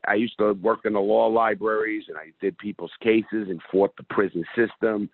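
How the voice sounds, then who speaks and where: A man's voice: lowish voice, little pitch movement, moderate pace. A middle-aged man guest telling a story in an interview in a blunt, streetwise way. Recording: phone-like call audio.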